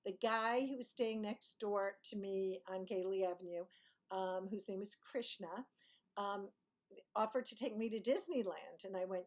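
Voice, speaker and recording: A woman's voice: medium pitch, a little slow. A woman from Brooklyn telling a personal story to camera, chatty and digressive, correcting herself as she goes. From Brooklyn, New York. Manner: chatty, digressive, self-correcting, laughs often. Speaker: YouTuber.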